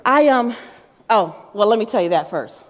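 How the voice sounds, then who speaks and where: A middle-aged woman giving an animated motivational talk to a live audience, playful and calling out to the crowd. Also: medium pitch, normal speed, a little hiss or hum. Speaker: motivational speaker. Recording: long hall reverb.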